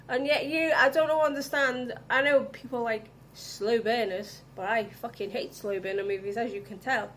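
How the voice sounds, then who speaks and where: High-voiced woman ranting angrily. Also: a bit bright. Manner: angry, heavy swearing, ranting. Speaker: vlogger reviewing films. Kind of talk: casual ranting vlog.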